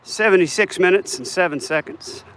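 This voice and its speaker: A man's voice: high voice, moderate pace, a bit bright, a little hiss or hum. An older man chatting casually and joking at himself as he walks outdoors on a city street, talking into a phone. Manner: joking, self-mocking rambling. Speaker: vlogger. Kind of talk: casual walking vlog chat. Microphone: phone held while walking.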